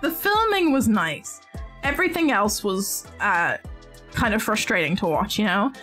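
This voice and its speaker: A woman's voice: medium pitch, animated, measured pace, pushed and bright, faint music behind. A woman streaming live, chatting casually while she crochets, rambling and often restarting her sentences.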